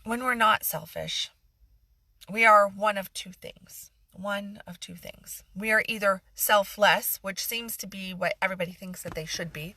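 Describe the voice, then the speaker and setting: Middle-aged woman coaching on a phone livestream, bright punchy voice, dry sound, kinda sarcastic and emphatic. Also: mid-range voice, measured pace, dry recording. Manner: passionate, sarcastic asides, emphatic repetition. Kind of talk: live-streamed motivational talk.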